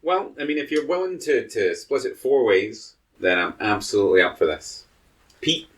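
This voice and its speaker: A man bantering playfully through a tabletop game, his pitch swinging widely as he teases the others. His voice sits in an ordinary middle register. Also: sing-song, normal speed, far from the mic. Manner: playful, teasing. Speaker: player.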